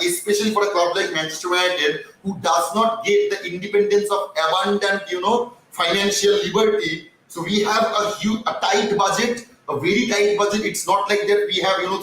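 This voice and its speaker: A man's voice: sits high, fairly bright tone, slight background noise. Man with a cracked voice, echoey room. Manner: rambling, repeats words, many fillers. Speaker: fan channel host. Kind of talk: casual live football chat. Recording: distant mic in a very echoey room.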